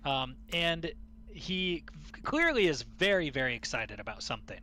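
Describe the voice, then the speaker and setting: A man running a tabletop game who sets the scene for his players in a loose, halting way, pausing often. His voice is bright and sits on the higher side for a man. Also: sing-song, slight background noise. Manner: halting, full of fillers and restarts. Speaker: game master.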